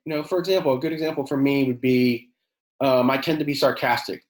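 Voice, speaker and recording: Male high school teacher giving a workshop, sarcastic edge, loose talky delivery, roomy sound. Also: fairly even intonation, fast talker. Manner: conversational, many fillers, acts out quoted exchanges; self-described sarcastic.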